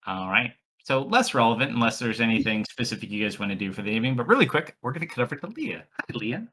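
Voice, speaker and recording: A man's voice: mid-range voice, breathy edge. A man narrating as game master of a tabletop game, joking with the players as he runs the scene. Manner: lively, joking, quick asides to players.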